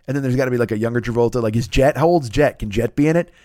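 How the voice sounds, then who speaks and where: A man's voice: medium pitch, racing, warm tone, no room sound. Exasperated ranting man, dry close sound. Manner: exasperated, profane and rambling with stammered restarts. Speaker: podcast host. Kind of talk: comedic rant.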